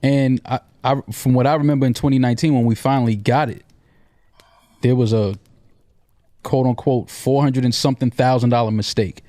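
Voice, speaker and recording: A man speaks plainly in casual podcast talk. His voice is mid-pitched. He often chimes in with short agreements, and the recording is close and dry. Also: steady tone, brisk, warm tone, dry recording. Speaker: podcast co-host. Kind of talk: casual conversation.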